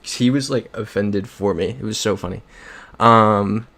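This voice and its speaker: A man's voice: fairly low pitch, a little slow, pushed and bright. A young man chatting casually on a livestream while playing a geography game. He rambles through stories and reads viewer comments aloud.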